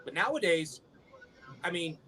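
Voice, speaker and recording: A man's voice: a little high, big pitch swings, unhurried, a bit bright. Profane rambling man telling wrestling stories. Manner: profane, rambling, stammers restarts. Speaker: wrestling podcast panelist, former manager. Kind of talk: casual chat, storytelling.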